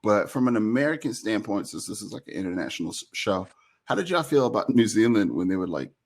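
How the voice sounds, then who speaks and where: A man co-hosting a live online event, chatting casually, laughing often and keeping things lively. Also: lowish voice, fast talker. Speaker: event co-host. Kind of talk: casual live-stream chat.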